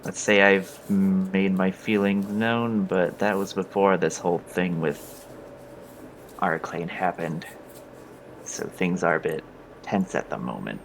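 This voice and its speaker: A man playing his character in a tabletop game, speaking hesitantly and softly. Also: low-pitched, takes it slowly, creaky, a little hiss or hum. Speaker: player voicing his character Farron. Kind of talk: in-character tabletop role-play.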